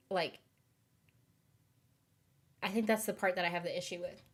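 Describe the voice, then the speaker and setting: A woman's voice: lowish voice, steady tone, moderate pace. Rambling woman with a light Southern lilt. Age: late 20s. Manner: rambling, hesitant, many fillers. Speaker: streamer. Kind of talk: casual chat.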